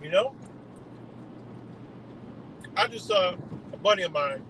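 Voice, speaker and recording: Animated man ranting over traffic noise. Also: sits high, takes it slowly, poor audio. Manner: profane, heated, rhetorical questions. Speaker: live streamer. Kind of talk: ranting monologue.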